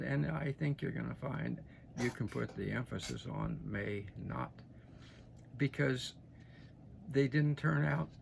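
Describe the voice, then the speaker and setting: A man's voice: a little high, gravelly, a little hiss or hum. An older man delivering opinionated news commentary to his audience in a folksy, emphatic way, often checking in with "okay?". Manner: folksy, emphatic, frequent restarts and "okay?" asides. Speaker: political commentator.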